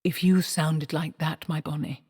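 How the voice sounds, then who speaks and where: A hearty, theatrical male actor-manager, as a woman reader puts him on calls out loud and cheerful. The voice sits low for a woman yet rings out boldly. A long hall echo hangs behind it. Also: level tone, measured pace, husky. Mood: wry.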